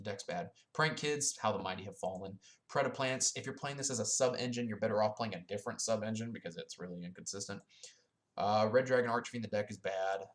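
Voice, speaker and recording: A young man giving blunt, profane, casual commentary on his own, dismissive and full of filler ums. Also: fairly low pitch. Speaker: YouTuber ranking card game decks.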